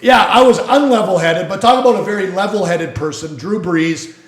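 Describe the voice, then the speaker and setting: A man hosting a casual sports and law talk show, speaking bluntly and swearing freely. His voice sits a little high. The room around him has a noticeable echo. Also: a little fast. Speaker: podcast host, lawyer.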